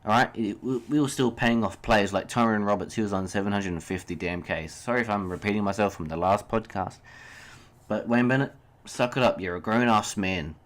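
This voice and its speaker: A young man talks alone into a home podcast mic, his voice sitting a little low. He rants heatedly, swears, then says sorry and keeps going. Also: a little fast. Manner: heated, ranting, swears and apologizes. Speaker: podcast host. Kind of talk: solo sports podcast rant.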